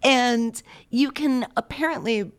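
A woman's voice: a little high, slow pace, clear, resonant tone. A woman hosting a show, chatting casually and wryly with her co-host. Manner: chatty, wry and playful. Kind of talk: casual chat.

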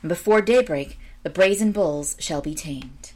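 A woman's voice: on the low side, a little slow. A woman voicing a young princess who is a confident, knowing enchantress, in a storybook reading.

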